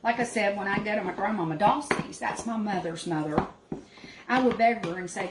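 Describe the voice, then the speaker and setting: A woman's voice: mid-range voice, brisk. A woman hosting a casual cooking demonstration from her small cabin kitchen, homey and chatty. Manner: homey, chatty, talks to viewers as y'all. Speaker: cooking show host. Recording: echoey room with clear background noise.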